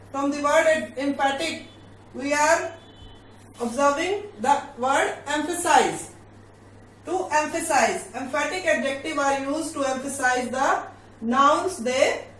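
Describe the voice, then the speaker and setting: Slow high-voiced woman teaching. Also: a bit bright. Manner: slow, deliberate, repeats key points, asks "all right?". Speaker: English grammar teacher. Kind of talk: grammar lesson. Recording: echoey room from a distance, faint ambient noise.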